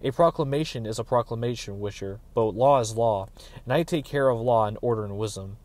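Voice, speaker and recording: A man reading aloud, voicing a gruff, officious middle-aged castellan in a fantasy story. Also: fairly quick, close to an everyday voice. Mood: blustering. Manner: exclaiming, higher and louder than the narration. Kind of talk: dramatic audiobook reading.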